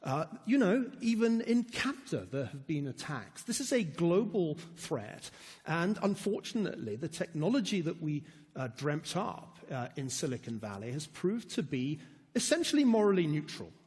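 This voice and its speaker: A man's voice: fairly high pitch, sing-song, moderate pace, a little mellow, slightly rough. A man making an urgent point in a formal debate, with hesitant fillers between his phrases. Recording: echoey hall.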